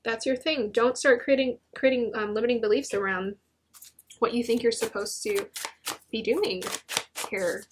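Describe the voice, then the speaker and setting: A young woman giving a gentle, encouraging tarot reading, with many restarts and fillers. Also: fairly high pitch, steady tone, normal speed, noisy background. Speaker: tarot reader.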